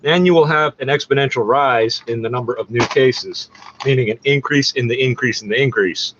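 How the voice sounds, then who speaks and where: A man vents in a sarcastic, profane running rant, arguing with what he hears. The recording is dull and lo-fi, with steady noise behind him. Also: mid-range voice, brisk. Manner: sarcastic, profane, argues back at broadcasts. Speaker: listener ranting over the radio. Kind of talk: angry running commentary. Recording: muffled lo-fi recording with clear background noise.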